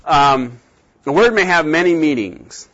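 A man giving a classroom lecture on translation, animated, often acting out little scenes with sudden jumps in pitch. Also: measured pace, muffled recording. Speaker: teacher.

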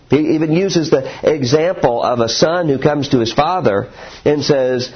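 A man's voice: on the high side, normal speed, husky. A man preaching a sermon in an earnest, storytelling way, recorded dull and lo-fi. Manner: earnest, animated storytelling with acted quotes.

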